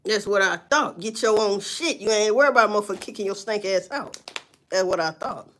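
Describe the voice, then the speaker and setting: A woman in her forties, with a medium-pitched voice and a brisk pace, rants casually to viewers over a faint hiss or hum. Her storytelling is loud, animated and profane, broken up with laughs.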